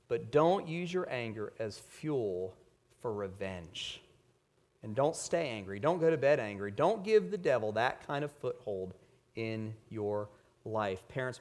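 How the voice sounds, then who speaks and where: A man preaching a sermon to parents, emphatic, leaning hard on key words and then dropping to quiet asides. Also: on the low side. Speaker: pastor.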